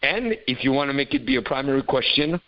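A man's voice: mid-range voice, animated, quick pace, muffled recording. A man coaching in an emphatic, preachy way, acting out quoted voices as he goes. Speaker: pickup coach. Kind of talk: motivational coaching talk.

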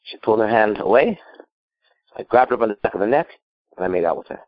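A man's voice: on the low side, expressive, fast talker, dry recording, highs cut off. A man working as a dating coach, answering a caller's question with emphatic, profane storytelling.

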